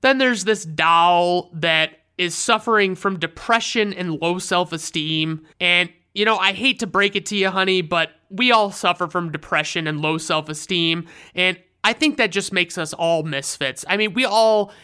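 Casual commentary host, sarcastic, swears a lot, deadpan asides, bright voice. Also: mid-range voice, moderate pace, hardly any pauses, clear, resonant tone. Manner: sarcastic and profane. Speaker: host reviewing old holiday specials.

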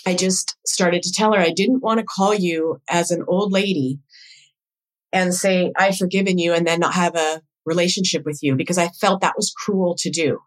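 A woman guest on a podcast, a doula coach, telling a personal story in casual conversation with emotional, animated quoted dialogue. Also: fairly low pitch, normal speed, low-quality recording.

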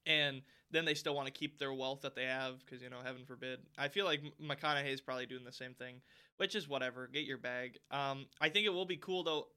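Bright-voiced rambling young man. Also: medium pitch, fairly quick, clear, resonant tone. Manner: rambling, filler-heavy, swings loud when excited. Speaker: podcast co-host. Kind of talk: casual chat.

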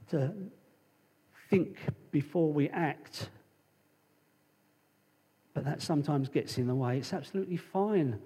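A man's voice: on the high side, mellow, breathy edge, big-room sound. A male preacher giving a conversational sermon, telling stories and reading scripture.

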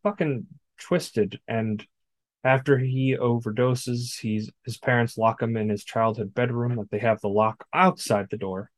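A man's voice: mid-range voice, fairly even intonation, unhurried, no echo. A man co-hosting a podcast, recapping a film in casual chat, blunt and profane. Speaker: podcast co-host. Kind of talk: casual movie discussion.

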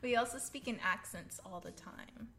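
Bright, teasing young woman. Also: on the high side, moderate pace. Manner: teasing, playful, laughing often. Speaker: podcast co-host. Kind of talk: casual chat.

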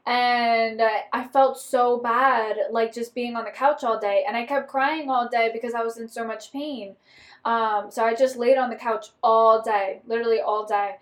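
High-voiced young woman telling a story. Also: normal speed. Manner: casual, animated storytelling. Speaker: podcast co-host. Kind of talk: casual chat.

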